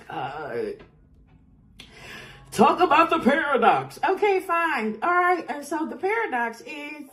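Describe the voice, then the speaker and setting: A woman giving an intuitive tarot reading, passionate and exclaiming, slipping into speech and now and then into song. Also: mid-range voice. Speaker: tarot reader.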